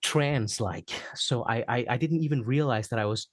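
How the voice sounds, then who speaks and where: A man with a medium-pitched voice, an actor and singer, guests on a podcast and tells a personal story at a moderate pace in a casual interview. He's an animated storyteller who acts out the quotes and laughs often. The sound is clean studio audio with no room sound.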